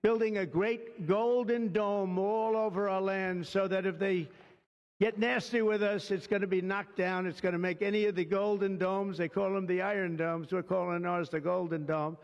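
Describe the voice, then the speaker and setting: Man, fairly high voice, political leader giving a rambling ad-libbed speech full of praise; dull lo-fi sound in a long hall reverb. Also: fairly even intonation, moderate pace. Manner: rambling, digressive, heavy on superlatives. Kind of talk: off-the-cuff ceremonial speech.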